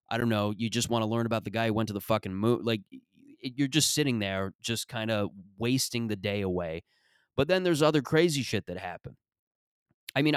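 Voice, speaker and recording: Speaking at a medium pitch, this thirtysomething podcast host spins stories through a profane, comedic, rambling monologue. The recording is dry, with clean studio sound.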